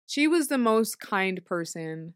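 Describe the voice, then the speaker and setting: A young woman speaks as a studio guest in a relaxed chat. She tells stories in a quick, chatty way, with a mid-range voice. The recording is close and dry. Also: medium pitch, smooth, no room sound.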